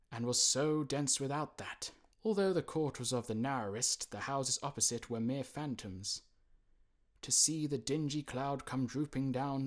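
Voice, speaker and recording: A man narrating a classic storybook in a measured, expressive reading, acting out the quoted characters. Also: medium pitch. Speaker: audiobook narrator.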